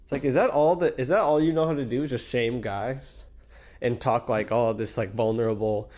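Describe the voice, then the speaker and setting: A man's voice: medium pitch, moderate pace, darkish tone. A man streaming, reacting to a clip with a sarcastic, mocking rant.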